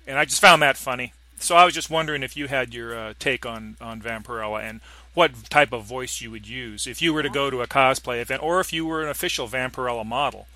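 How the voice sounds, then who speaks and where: Male podcast host, bright tone, easygoing questions. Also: medium pitch. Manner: relaxed, halting, asks questions. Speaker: interview host. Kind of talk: casual interview.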